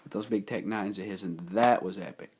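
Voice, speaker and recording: A man casually recapping a movie plot, rambling and excitable, his voice a bit rough from feeling unwell. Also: lowish voice, fairly quick, slight background noise. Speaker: movie reviewer. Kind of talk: casual spoken film recap.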